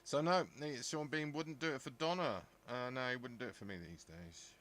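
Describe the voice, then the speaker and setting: A man's voice: medium pitch, normal speed, fairly bright tone. A man, chatting casually as a podcast host, rambling along with jokey asides. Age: 50s. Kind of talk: casual chat.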